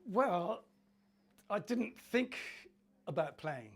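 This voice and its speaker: A man's voice: high-pitched, sing-song, very slow, vocal fry. An older man from Cornwall, a former footballer, chatting through his memories in an interview and acting out the voices of old teammates. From Cornwall, England. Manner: chatty, laughing, acts out voices in his stories. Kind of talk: anecdotal interview storytelling.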